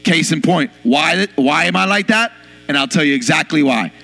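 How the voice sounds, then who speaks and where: A man preaching a sermon in church, telling a story with lively acted-out moments. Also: a little high, moderate pace, creaky. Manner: animated storyteller, bursts into loud yelling in acted scenes. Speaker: pastor.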